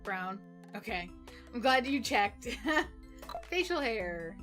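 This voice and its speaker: A woman streamer gives casual let's-play commentary, chatting playfully, swearing and laughing as she answers her chat, with game music playing behind her. Her medium-pitched voice is expressive, a bit bright, and unhurried.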